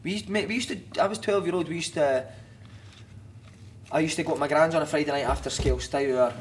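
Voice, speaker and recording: Fast-talking Scottish man telling stories. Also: fairly high pitch, slight background noise. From Scotland. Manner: rambling, sweary, says "mate" constantly. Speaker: podcast guest, former footballer. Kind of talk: casual storytelling.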